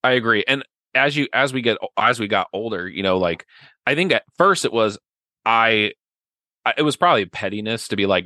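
Man, lowish voice, bright tone, dry close sound, earnest rambling podcast chat. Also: fairly quick, no room sound. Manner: earnest, rambling, many "like" and "right?".

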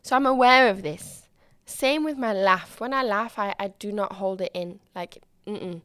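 A young woman runs her own podcast in a chatty, bubbly style, restarting her sentences as she goes. Her voice is loud and high-pitched and jumps up further when she gets excited. The sound is close and dry, with no room echo. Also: normal speed. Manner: bubbly and chatty, with frequent restarts and acted-out quotes. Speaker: podcast host. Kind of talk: casual solo podcast chat.

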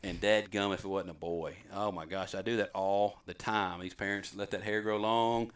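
A man's voice: on the low side, fairly even intonation, moderate pace, smooth, far from the mic. A middle-aged man, hosting a show and telling stories in a rambling, self-deprecating, folksy way. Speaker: host. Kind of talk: casual storytelling chat.

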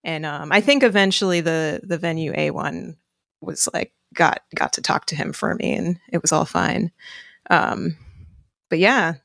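A woman's voice: lowish voice, a little slow, gravelly, fairly bright tone, no echo, clean studio sound. A woman sound engineer chatting casually as a podcast guest, laid-back with many fillers.

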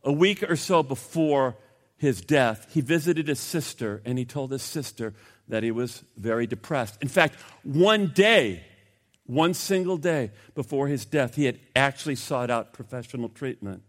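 A man preaching a sermon as pastor, swinging from loud emphasis to hushed, grave asides. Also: medium pitch, animated, a little slow. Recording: long reverb of a hall.

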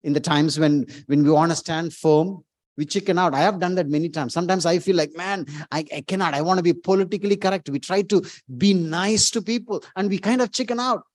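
A man delivers a sermon as a pastor, his voice sitting a little high. He builds to emphatic, loud exclamations and often repeats words as he goes. The sound is close and dry. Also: brisk, no room sound.

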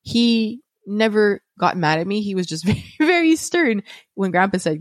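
A woman's voice: mid-range voice, lively intonation, normal speed, no echo, clean studio sound. A woman hosting a podcast, telling a personal story in a candid, conversational way with restarts. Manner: candid and conversational, with frequent restarts and light laughs. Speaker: podcast host and parent.

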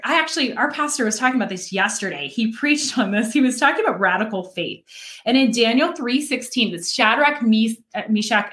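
A woman who is a guest on a casual faith talk show, earnestly sharing her testimony with many fillers and soft laughs. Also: fairly high pitch. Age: adult with children.

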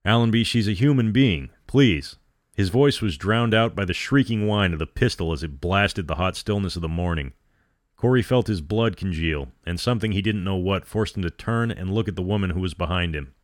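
Deep-voiced male storyteller. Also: brisk, dry recording, studio quality. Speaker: storyteller host. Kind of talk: dramatic story reading.

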